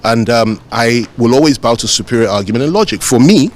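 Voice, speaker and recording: A man with a Nigerian accent, a politician answering reporters' questions outdoors in a measured, emphatic way, repeating phrases for stress. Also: medium pitch, expressive. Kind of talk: press interview answers.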